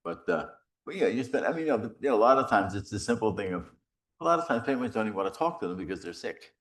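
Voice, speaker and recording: A middle-aged man, a priest, giving a rambling, animated retreat talk full of stories and self-deprecating humor. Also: lowish voice, very fast. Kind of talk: conversational retreat conference, storytelling.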